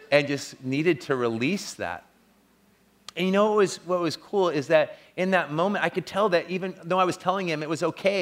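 In a mid-range voice, a pastor preaches an earnest sermon. He rises to strong emphasis, then drops to a hushed, intimate tone when telling a story.

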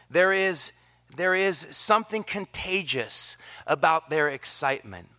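A man delivering a sermon into a church microphone, his voice bright and a touch high for a man. He preaches with fervor, pressing words out loudly and then dropping to a hush. The delivery is earnest and lively. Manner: energetic preaching, swings from loud emphasis to hushed near-whisper. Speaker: pastor. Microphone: handheld or stand microphone.

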